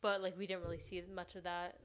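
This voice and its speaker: Chatty young woman with a smooth voice. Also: fairly low pitch, little pitch movement, fast talker, a bit bright. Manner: chatty, gushing, full of "like". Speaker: podcast host. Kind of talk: casual recap chat.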